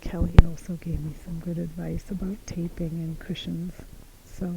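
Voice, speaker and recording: Whispering low gravelly woman. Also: moderate pace, noisy background. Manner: whispering, calm, relieved. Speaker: long-distance hiker vlogger. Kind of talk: quiet evening vlog update. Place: trail shelter.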